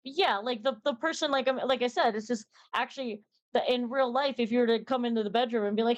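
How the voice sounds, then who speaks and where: A talkative young woman speaks in a fairly high voice as an interview guest. She rambles through her points and acts out short exchanges in a brighter tone. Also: quick pace, hardly any pauses, lo-fi sound. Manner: chatty, rambling, acts out little dialogues with a lifted voice. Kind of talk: casual interview chat.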